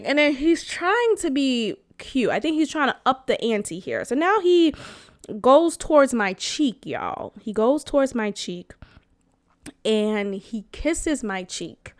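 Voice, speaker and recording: A woman podcast host telling a personal dating story to her listeners, blunt and animated, swearing freely and laughing as she talks. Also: a little high, clean tone.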